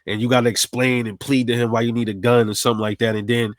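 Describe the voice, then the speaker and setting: A fast-talking New York City man with a medium-pitched voice tells a personal story in a casual, streetwise, profane style. His retelling is animated, and the recording is dry and studio quality.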